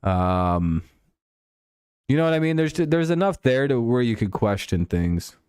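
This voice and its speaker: A man's voice: medium pitch, sing-song, a little slow, darkish tone, smooth, dry recording, clean studio sound. A man hosting a casual stream, rambling and joking crudely about sports. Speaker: streamer host.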